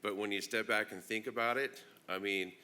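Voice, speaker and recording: A man from Northern California, congested with a plugged-up nose, giving an unhurried, reflective opening talk at a conference with many ums. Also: lowish voice, steady tone, sharp tone, clean tone. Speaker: invited opening speaker. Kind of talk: personal address at a conference plenary.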